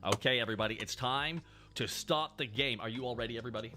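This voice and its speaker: A man's voice: medium pitch, fast, sharp tone, soft background music. A man hosting a casual live stream, bantering playfully and mock-threatening his co-hosts. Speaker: streamer host.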